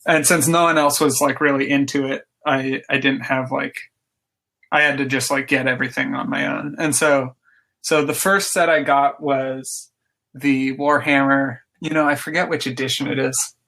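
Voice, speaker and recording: Bright-voiced enthusiastic man rambling. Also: medium pitch, level tone, moderate pace, vocal fry. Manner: rambling, lots of "like" fillers, enthusiastic. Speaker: podcast guest, game designer. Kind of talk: casual interview chat.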